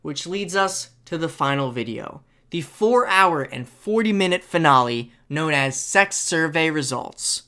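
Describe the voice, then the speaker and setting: A woman hosting a reaction commentary video, animated and sarcastic with sudden exclamations. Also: sits low, measured pace, few pauses. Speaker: host.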